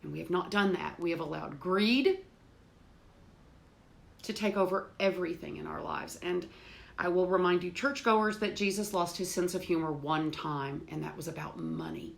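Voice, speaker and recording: A creaky, lowish voice at a moderate pace belongs to a woman running a home cooking livestream. Doors open at home, she chats with viewers by name, laughs easily and breaks into hymns.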